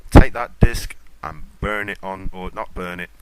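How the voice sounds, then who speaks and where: Rambling man, loud noise behind. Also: deep voice, steady tone, measured pace. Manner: ranting, self-mocking, off-topic. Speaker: podcast host. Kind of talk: casual rambling chat.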